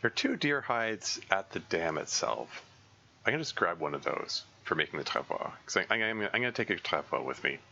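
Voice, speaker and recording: Male streamer, deep but bright and lively voice, halting casual gameplay commentary, slightly dull lo-fi audio with faint hiss. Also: creaky. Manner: halting, thinking aloud with many fillers and restarts. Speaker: game streamer.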